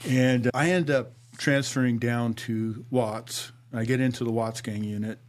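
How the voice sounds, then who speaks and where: A man's voice: steady tone, measured pace. Middle-aged man telling a vivid story. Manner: vivid, reenacts dialogue, drops low and quiet at grave moments. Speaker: guest, former police officer. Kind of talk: conversational storytelling.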